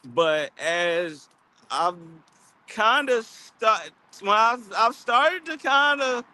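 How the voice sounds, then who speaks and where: Walking outside, this Baltimore man talks very slowly in a high, bright, forceful voice with lively intonation, and slight background noise comes through. His casual livestream chat from Baltimore, USA, rambles loosely, heavy on slang and fillers, in his Baltimore accent.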